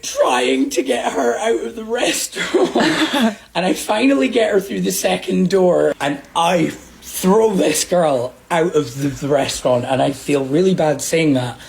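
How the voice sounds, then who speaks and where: A man telling a story about a chaotic shift at work in a casual, animated way. He laughs often and acts out the other people's lines. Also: on the high side, measured pace, creaky. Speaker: storyteller recounting a work incident.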